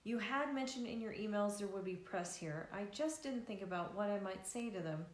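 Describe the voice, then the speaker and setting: A woman's voice: mid-range voice, animated, normal speed, lightly acted. Author reading a determined adventurous woman, firm, direct, echoey.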